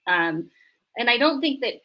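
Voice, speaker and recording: Bright-voiced middle-aged woman therapist. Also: fairly high pitch, moderate pace. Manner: animated, acts out voices in quotes. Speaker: marriage and family therapist. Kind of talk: casual interview chat.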